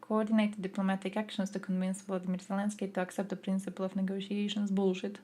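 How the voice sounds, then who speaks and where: A woman's voice: medium pitch, flat delivery, quick pace, warm tone. Blunt, profane young woman streamer. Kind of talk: casual ranting commentary.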